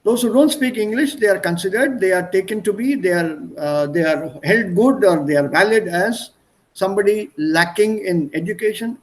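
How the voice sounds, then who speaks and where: A man with an Indian accent, his voice sitting high at a moderate pace, teaches an online German class over video call. He gets meanings across with strings of English synonyms, and the recording is rough.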